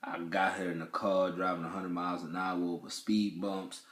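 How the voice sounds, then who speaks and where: A young man telling, in casual vlog style, how his first child was born, animated and swearing freely as he acts out what people said. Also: sits low, moderate pace, roomy sound.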